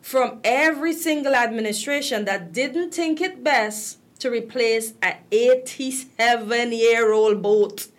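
A woman's voice: fairly high pitch, unhurried, hardly any pauses. A woman from Guyana with a Guyanese accent, talking in a casual, impassioned and indignant way. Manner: impassioned and indignant, voice rising with upset. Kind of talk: emotional casual talk.

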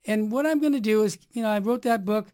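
A woman hosting a Catholic talk radio show, speaking emphatically in an energetic, preachy monologue. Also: mid-range voice, fast. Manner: emphatic, preachy, energetic, swinging loud and soft. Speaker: radio host.

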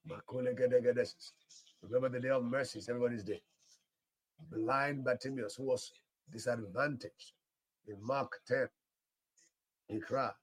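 A man's voice: mid-range voice, husky. An older male pastor leading fervent prayer, repeating short declarations and breaking into speaking in tongues.

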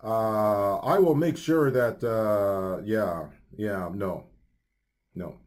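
Male radio host, slightly low voice, loose filler-heavy delivery, friendly upbeat announcements. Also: drawn-out words, darkish tone. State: hiccups. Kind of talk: casual radio show chat.

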